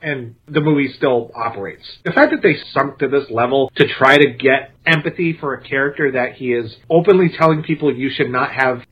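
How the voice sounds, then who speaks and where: Husky-voiced man, scathing film critic. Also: medium pitch, brisk, few pauses, muffled recording. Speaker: podcast co-host. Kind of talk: casual film review chat.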